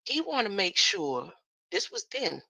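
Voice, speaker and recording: A woman's voice: medium pitch, measured pace, gravelly, dry recording, poor audio. A woman giving casual commentary on videos, asking rhetorical questions. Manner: animated, rhetorical "huh?" asides, laughs often.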